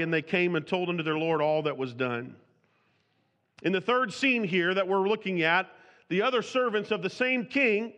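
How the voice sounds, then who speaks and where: In a hall with long reverb, a man with a high, pushed, bright voice delivers an expository sermon. He reads scripture aloud in King James phrasing, and his free speaking is full of restarts and repeated words.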